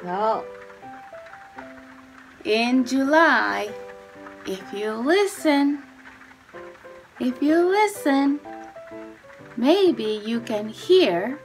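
A woman teaching small children English, talking in a slow, sing-song, encouraging way. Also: on the high side, lively intonation, fairly bright tone, faint music behind. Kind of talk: kids' English lesson, sing-along and coloring.

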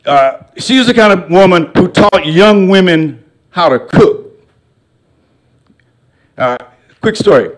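Older man, guest speaker in a college hall; folksy, humorous storyteller with a preacher's cadence and a fairly high voice. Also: lively intonation, slow, pauses often. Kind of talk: public lecture with storytelling.

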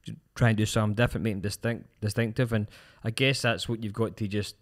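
A man's voice: on the low side, steady tone, quick pace. A man with a Scottish accent co-hosting a podcast, telling rambling stories in casual chat. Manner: rambling, storytelling with restarts. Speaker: podcast co-host.

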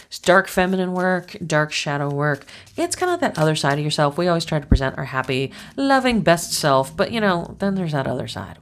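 A woman giving a casual, chatty tarot and astrology reading, rambling through stories with lots of fillers. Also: low-pitched. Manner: chatty, rambling, animated storytelling.

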